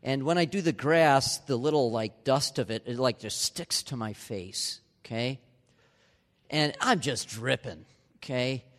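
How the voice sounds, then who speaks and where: A middle-aged man preaching a sermon as pastor, animated and acting out little voices. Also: medium pitch, measured pace. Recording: long hall reverb.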